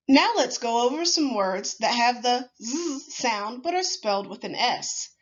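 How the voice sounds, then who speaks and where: A woman teacher leading a slow, clear phonics lesson for young children, patiently sounding out words with deliberate pauses. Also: on the high side, expressive, muffled recording.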